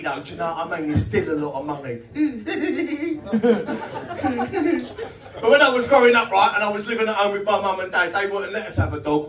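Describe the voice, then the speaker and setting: A middle-aged British man doing stand-up, with a fairly high voice and a crude, cheeky delivery, chuckling at his own punchlines. The mic catches him from a distance in a roomy social club. A crowd laughs loudly in the background. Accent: British English. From Britain. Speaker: stand-up comedian. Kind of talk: live stand-up set with crowd banter. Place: small social club comedy night. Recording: roomy venue audio taken from a distance, with crowd noise. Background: audience laughter.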